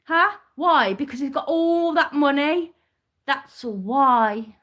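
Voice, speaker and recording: A woman's voice: sits high, animated, slow, a bit bright. A woman ranting to camera in a heated, rambling way, swearing and asking the same questions again and again. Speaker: vlogger.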